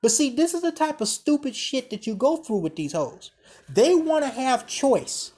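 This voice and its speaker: A man's voice: very high-pitched, fairly quick. Profane, blunt man ranting to camera. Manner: profane, blunt, animated storytelling. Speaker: vlogger. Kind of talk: casual storytelling rant to camera.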